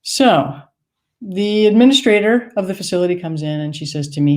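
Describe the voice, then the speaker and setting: A woman's voice: fairly low pitch, lively intonation, moderate pace. A woman from Maine telling a wry, conversational personal story on stage. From United States, Maine.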